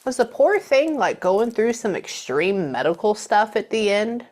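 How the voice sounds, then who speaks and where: A woman's voice: medium pitch, lively intonation, a little slow, darkish tone. A woman working as a medium, chattily relaying messages during a reading. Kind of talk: psychic reading session.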